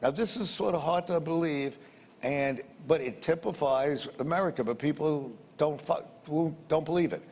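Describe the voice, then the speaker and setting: A man's voice: fairly high pitch, normal speed, darkish tone, slightly rough. An older man telling a business story in a blunt, rambling way, repeating words and swearing a little. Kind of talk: anecdotal storytelling. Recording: roomy reverb with faint background noise.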